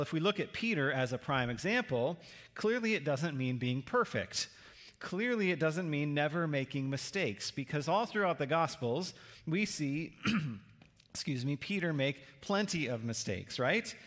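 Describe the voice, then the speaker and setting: A man with a slightly high voice preaches a sermon in a chatty, storytelling way. He keeps turning to the listeners with questions. His voice rings out with the long reverb of a church hall. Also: a bit bright. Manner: conversational, asks the listeners questions. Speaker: pastor.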